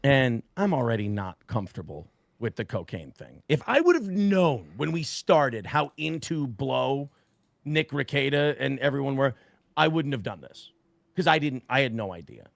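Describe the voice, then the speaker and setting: A man, a guest on a talk stream, telling a story in a casual, profane, animated way and acting out the quotes. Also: mid-range voice, normal speed, creaky, no echo.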